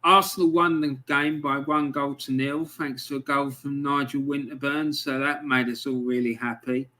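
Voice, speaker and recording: A man's voice: medium pitch, flat delivery, moderate pace, bright, forceful tone. A middle-aged man hosting a podcast, telling a story casually and rambling with many ums. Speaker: podcast host. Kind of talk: casual storytelling to a live stream.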